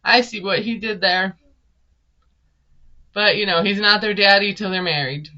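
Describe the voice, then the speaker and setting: In a muffled recording, a Minnesota vlogger gives a casual, sarcastic rundown of a reality show, chatting and laughing often. Her voice is medium-pitched, pushed and bright, at normal speed.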